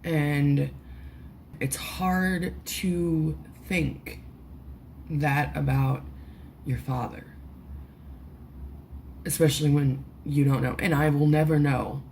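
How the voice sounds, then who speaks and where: Slow-talking emotional woman vlogger. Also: low voice, steady tone, creaky, darkish tone, a little hiss or hum. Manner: halting, full of "like" and restarts, swearing. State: emotional, close to tears. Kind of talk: emotional personal vlog. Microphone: headphones with mic.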